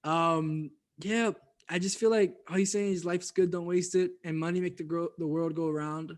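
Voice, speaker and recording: Male podcast co-host, high voice, loose and laughing, lots of fillers. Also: fairly even intonation, moderate pace. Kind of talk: casual music review chat.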